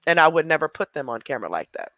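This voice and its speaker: Woman, blunt mocking commentary, bright tense voice. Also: deep voice, very animated, rapid-fire, no room sound. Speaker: commentator reacting to a livestream. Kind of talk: casual reaction commentary.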